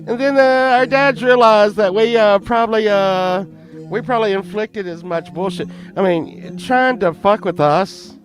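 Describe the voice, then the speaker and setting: A man's voice: sits high, a little slow. A man telling a story in a rambling, profane way, often laughing at his own tale. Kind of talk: casual storytelling. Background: plucked guitar music.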